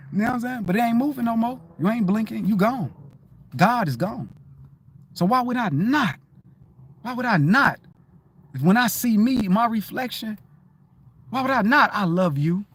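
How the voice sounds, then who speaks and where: A man on a livestream talking in a casual spiritual monologue, profane and animated, often checking that listeners follow. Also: very high voice, slightly rough. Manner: animated, profane, keeps asking "you know what I'm saying".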